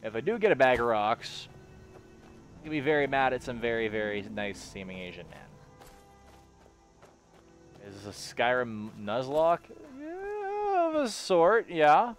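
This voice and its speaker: A man's voice: mid-range voice, normal speed, long pauses. A man streaming a game, joking crudely and talking back at the game as he plays. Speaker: gaming streamer. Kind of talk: casual let's play commentary. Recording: game music behind voice. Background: game music.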